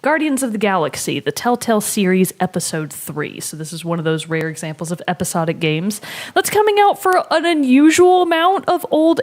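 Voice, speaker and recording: A woman co-hosting a gaming podcast in casual chat, animated, laughing often and mimicking other players' voices. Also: fairly high pitch. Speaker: podcast co-host.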